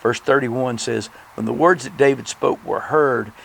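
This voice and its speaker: A man's voice: medium pitch, unhurried, gravelly, a bit bright, slight background noise. A man preaching a sermon in an earnest, direct way, speaking to his listeners and asking them questions. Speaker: pastor.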